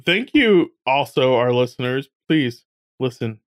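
A man's voice: mid-range voice, sing-song, measured pace, dry recording, clean studio sound. A man co-hosting a podcast, chatting casually, laughing often and earnestly asking listeners to share the show. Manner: laughs a lot, earnest asides. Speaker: podcast co-host. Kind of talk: casual chat.

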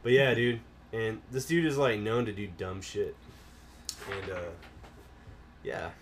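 A man's voice: on the low side, unhurried, a little hiss or hum. A young man hosting a podcast, telling rambling stories in casual, profane chat. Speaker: podcast host.

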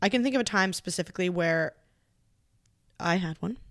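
A woman's voice: on the low side, brisk, dry recording, studio quality. A young woman co-hosting a podcast, chatting casually with short, wry, teasing replies. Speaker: podcast co-host. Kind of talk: casual chat.

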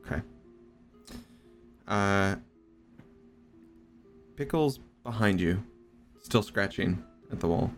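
A man narrating a tabletop game as its game master, describing the scene in a slow, measured way. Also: fairly low pitch, expressive, faint music behind.

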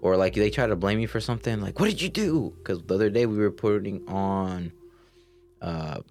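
A young man in casual chat, telling animated stories and acting out his coworkers' lines in Spanish and English. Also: deep voice, normal speed. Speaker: guest.

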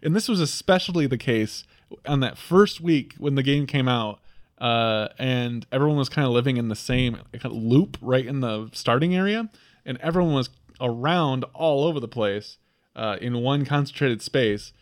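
A man's voice: medium pitch, normal speed. Laid-back man telling a rambling story. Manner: rambling storyteller, laughs often. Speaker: podcast co-host. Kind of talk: casual chat about a video game.

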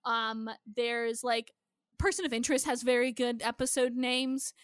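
A woman's voice: a little high, fairly even intonation, a little slow, clear, resonant tone, dry recording, clean studio sound. A woman with a Midwestern accent, co-hosting a casual chat show and ranting passionately with plenty of swearing. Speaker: podcast co-host.

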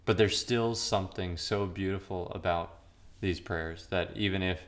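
A man co-hosting a podcast, explaining liturgical prayers in a measured way. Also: low-pitched, fairly even intonation. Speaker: podcast co-host. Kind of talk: casual chat about liturgy.

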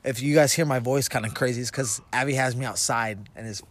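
Young man, mid-pitch, rambling storyteller who swears and laughs a lot; podcast co-host recorded outside. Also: fast. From Vancouver, Washington. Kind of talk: casual storytelling. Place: outdoors in the cold.

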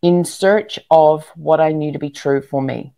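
A woman speaks in a low register, earnest and motivational. Her talk is loose and chatty, full of ums and restarts as she gives advice. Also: a little slow, gravelly, warm tone. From New Zealand. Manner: earnest, motivational, many fillers. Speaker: guest entrepreneur. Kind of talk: casual interview chat.

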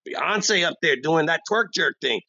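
A bossy old barber voiced by a man holds court in his shop, rambling and bragging in street talk. His pitch swings lively up and down. The recording is dry and dull, with a lo-fi edge. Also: measured pace, slightly rough, dry recording, heavily acted. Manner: boastful, rambling, street-talking. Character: bossy old-school veteran male barber, shop owner. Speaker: barbershop owner. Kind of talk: comic character monologue.

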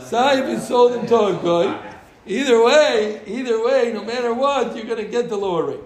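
High-voiced man teaching in an echoey room. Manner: repeats phrases, joking asides to students. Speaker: Talmud teacher. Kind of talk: casual Gemara class teaching.

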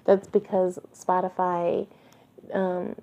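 Slow, gravelly woman reading a novel aloud. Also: fairly low pitch, level tone, mellow. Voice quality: wet, spit-filled mouth sounds. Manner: stops to correct misreadings and chats between passages. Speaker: podcast host reading a book aloud. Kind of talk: casual read-aloud of a novel with asides. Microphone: home recording, not studio-soundproofed.

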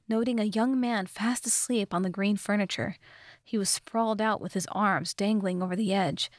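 A woman narrating a fantasy novelization as an audiobook, reading in a steady, measured way. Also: medium pitch, no room sound, clean studio sound. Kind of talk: scripted narration.

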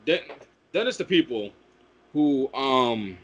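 A man's voice: mid-range voice, slow pace, slightly rough. A young man who works at a coffee shop, ranting about customers in casual chat and swearing freely. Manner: animated ranting, swears a lot.

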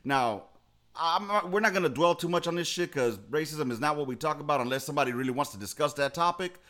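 A man's voice: fairly high pitch, fast talker, sharp tone. Blunt, foul-mouthed man on a podcast. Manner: blunt, profane, emphatic. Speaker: podcast co-host. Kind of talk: casual profane chat.

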